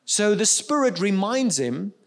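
A man's voice: high voice, big pitch swings, measured pace. A middle-aged male pastor preaching a sermon in an earnest, conversational way, checking in with his listeners as he goes.

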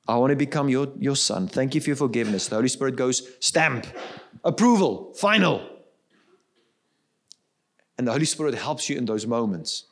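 A man's voice: mid-range voice, lively intonation, moderate pace, pauses often. A middle-aged male pastor preaching a sermon in an earnest, conversational way, checking in with his listeners as he goes.

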